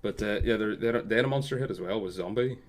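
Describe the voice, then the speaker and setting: A man hosting a podcast in casual chat, talking quickly and animatedly, with frequent swearing. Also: lowish voice. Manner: fast, animated, swears often. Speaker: podcast host.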